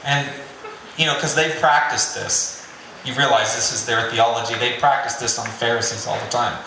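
A man's voice: mid-range voice, fairly even intonation, normal speed, pushed and bright, a little hiss or hum. A man preaching a sermon in a conversational, joking way. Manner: conversational and joking, with filler "you know". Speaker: pastor. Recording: very echoey room.

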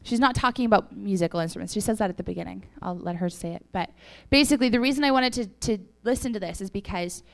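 A woman's voice: mid-range voice, fast talker, vocal fry, hardly any pauses. A woman leading a youth group with a casual faith talk, chatty and full of "like" and "right?".

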